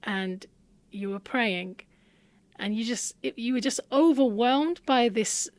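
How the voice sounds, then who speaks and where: A woman podcast host who speaks very slowly and gently as she builds a thoughtful question. Her voice is close and dry, with no room echo. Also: fairly high pitch. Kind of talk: interview question.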